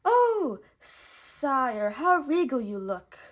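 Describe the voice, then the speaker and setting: A woman's voice: high voice, drawn-out words, pitched above the performer's own voice, full character voice. Sly suck-up snake guy fawning over his boss, lady reading it out, storybook voice. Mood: flattering. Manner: flattering and nervous.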